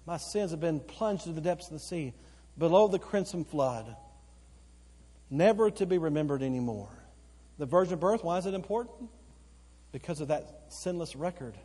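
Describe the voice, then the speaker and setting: Husky preacher man in a reverberant church. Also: fairly high pitch, animated. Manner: preaching, swinging between loud emphatic outbursts and quiet, slow earnest passages; repeats phrases for emphasis. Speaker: pastor. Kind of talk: sermon. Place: church sanctuary. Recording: long church hall reverb. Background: occasional congregation responses.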